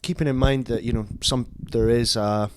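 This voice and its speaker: Brief: male host, mid-pitched, halting and laughing, faint hiss behind. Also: steady tone. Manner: hesitant, halting, full of fillers, laughs easily. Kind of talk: casual conversation.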